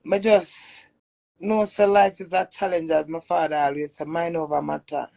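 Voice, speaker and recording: A woman's voice: low voice, normal speed, creaky, no room sound. A middle-aged Jamaican woman chatting casually on a live stream, telling stories and laughing often. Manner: animated storytelling with frequent laughs.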